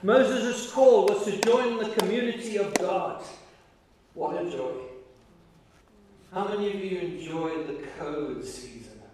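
Pastor with a reverberant hall sound. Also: male voice, high-pitched, a little hiss or hum. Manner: warm, emotional storytelling with halting restarts. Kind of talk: sermon. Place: large church hall. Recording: echoey hall, voice from far off.

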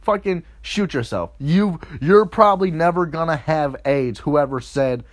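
A man in his twenties telling a crude, rambling story in a swearing comedic rant. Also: measured pace. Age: 20s. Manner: jumps into loud, high-pitched mocking voices.

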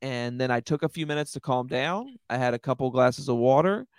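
A man's voice: medium pitch, lively intonation, fairly quick, no echo, studio quality. A young man, a stand-up comedian, telling a long, rambling story with lots of swearing in a casual podcast chat.

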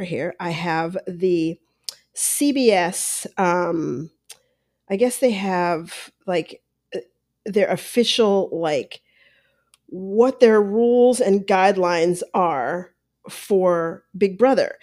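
A woman hosts her own podcast in a loose, chatty way. She speaks right to her listeners and acts out quotes as she goes. Her voice sits at a middle pitch, recorded close and dry with no room sound. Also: measured pace, a little mellow, no room sound. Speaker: podcast host, former reality show houseguest. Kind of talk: casual commentary.

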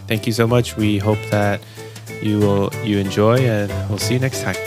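Young male podcast co-host, very low voice, relaxed halting chat. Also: loud music behind the voice. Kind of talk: casual chat.

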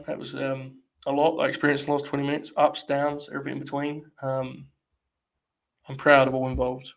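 A man's voice: medium pitch, completely flat delivery, a little fast, creaky. A young man hosting a live watch-along stream, talking in a mock-grandiose, rambling way full of swearing.

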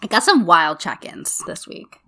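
A young woman co-hosting a podcast, chatting casually and telling an animated story, acting out quotes and saying "like" a lot. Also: lowish voice, measured pace, a crowd in the background. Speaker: podcast co-host. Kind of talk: casual chat.

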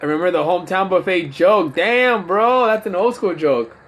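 A man's voice: high voice, fairly quick. A man who is tipsy, a comedian and podcast host chatting loosely on a phone livestream, rambling and swearing. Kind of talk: casual chat on a drunk livestream. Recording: phone livestream audio, faint background noise.

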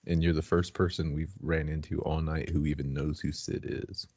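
A man playing a tabletop game, brash and profane, with a very deep, husky voice. The audio is slightly dull and muffled. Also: level tone, moderate pace, darkish tone. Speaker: player. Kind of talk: tabletop role-play.

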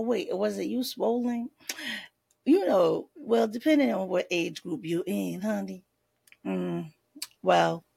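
A woman's voice: medium pitch, vocal fry, a little mellow, husky. A woman life coach giving faith-based advice in a sassy, playful podcast talk, tossing in pet names and laughing often.

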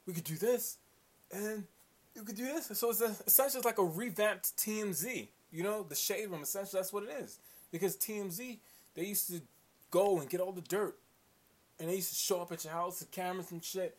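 A man's voice: high voice, fairly quick. Profane, rambling man. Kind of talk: casual solo commentary. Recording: faint hiss.

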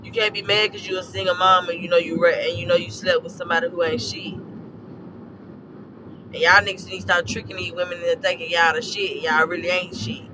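A man with a hoarse, scorched throat, giving a blunt, profane and preachy casual rant as a podcast host. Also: high-pitched, flat delivery, brisk, background noise.

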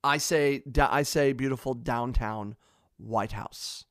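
A man's voice: medium pitch, slow pace, fairly bright tone, no echo, studio quality. Rambling jokey male podcast host. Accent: Midwestern American. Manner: rambling, many restarts and fillers, jokey. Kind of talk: casual interview chat.

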